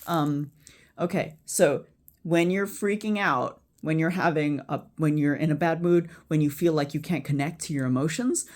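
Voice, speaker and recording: A healthcare worker casually teaching a friend a calming technique, rambling with restarts and chant-like repeated phrases, sometimes swearing bluntly. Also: medium pitch, normal speed. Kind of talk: casual spoken instruction. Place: at home before bed.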